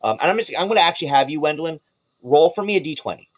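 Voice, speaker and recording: A man's voice: on the high side, expressive, rapid-fire, no room sound. Rambling, laughing male game master. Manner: rambling, many restarts, laughs often. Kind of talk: running a tabletop game.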